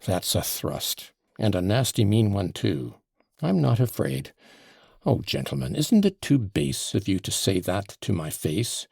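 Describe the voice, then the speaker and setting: A man's voice: on the low side, sing-song, a little slow, vocal fry, a little mellow, slightly rough, dry recording, studio quality, heavily acted. A man voicing an agitated, passionate accused man in an audiobook, with heated, emphatic outbursts. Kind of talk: audiobook character voice.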